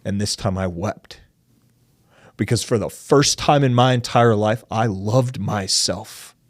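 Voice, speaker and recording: A man's voice: lowish voice, takes it slowly, no echo, studio quality. A man from the United States, a podcast guest, telling a candid personal story at length and acting out the dialogue. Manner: long-winded, acts out quoted dialogue, says dude and like.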